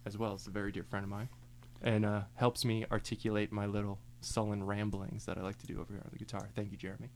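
A man's voice: lowish voice, level tone, fast talker, a little hiss or hum. A young man playing music live on the radio, chatting loosely and joking between songs and often laughing. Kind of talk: casual on-air chat between songs.

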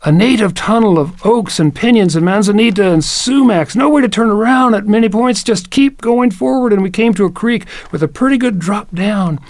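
A folksy man with a gravelly, somewhat high voice tells a wandering story in a playful tone, lingering on words he likes. The sound is close and dry, with no room around it. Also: moderate pace, few pauses, dry recording. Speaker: host.

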